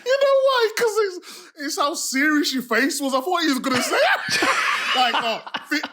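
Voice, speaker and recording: A man in his thirties co-hosting a casual chat, excitable and quick to laugh. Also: extremely high pitch, heavy background noise. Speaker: podcast co-host.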